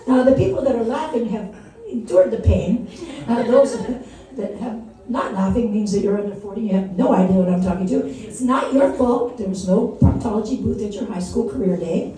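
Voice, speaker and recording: A woman's voice: a little high, brisk, mellow. An older woman in her sixties doing a rambling, self-mocking stand-up set, laughing at her own jokes. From Wisconsin. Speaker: stand-up comedian. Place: small comedy venue. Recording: echoey room from a distance.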